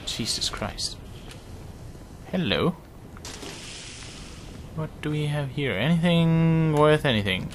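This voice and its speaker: A man talks through his own gameplay in a casual let's-play, his pitch leaping up and down as he pleads with enemies and teases himself. The recording is noisy, with game sounds underneath. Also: expressive, slow, pauses often. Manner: jumpy, self-mocking, talks to game characters. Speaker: gameplay commentator.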